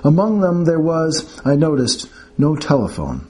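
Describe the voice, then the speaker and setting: A man reading first-person audiobook narration in a measured, wry storytelling manner. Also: a little high, sing-song, dark tone.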